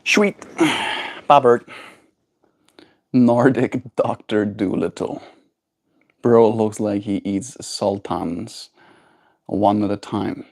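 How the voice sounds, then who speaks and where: A slow-talking man cooing to pet birds. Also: fairly even intonation, creaky, darkish tone. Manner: coos baby talk to his pet birds in a high voice. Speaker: livestreamer. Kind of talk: casual livestream chat. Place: indoors at home with pet birds.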